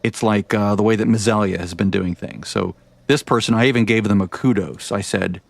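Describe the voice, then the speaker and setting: A man's voice: on the low side, brisk, creaky, dry recording. A man giving casual, rambling commentary over his game, often stopping to correct himself. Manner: rambling, self-correcting, chatty. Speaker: gaming vlogger.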